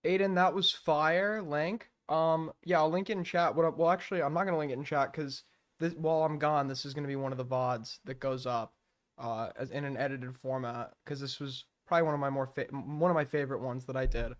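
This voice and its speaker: A man's voice: fairly high pitch, fairly even intonation, fairly quick, no echo. A man hosting a live stream, mocking what he watches in profane, ranting commentary. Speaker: streamer host.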